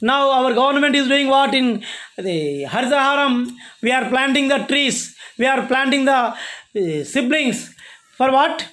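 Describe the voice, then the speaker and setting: A male college lecturer, explaining a poem to his class in a halting, repetitive way and asking himself questions before answering them. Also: very high-pitched, expressive, fairly bright tone. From India. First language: Telugu.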